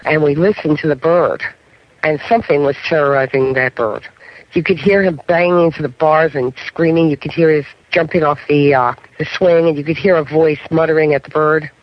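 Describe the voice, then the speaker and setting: A man's voice: fairly high pitch, steady tone, brisk. Middle-aged male guest, paranormal investigator; storyteller, frequent check-ins; dull lo-fi radio audio. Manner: storytelling, keeps checking in with "okay?". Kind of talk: radio talk show interview. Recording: muffled radio broadcast.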